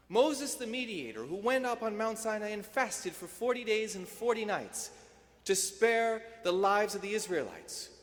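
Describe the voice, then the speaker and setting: A man, a priest, giving a sermon in a rhetorical, emphatic style that swells to loud peaks and then drops soft. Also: high-pitched. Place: church. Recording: long church reverb.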